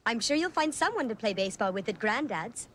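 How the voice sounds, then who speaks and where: A woman's voice: on the high side, sing-song, a little fast, fairly bright tone. An actress playing a firm mother scolding her young son, from a film soundtrack. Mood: coaxing. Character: stern mother of a young boy.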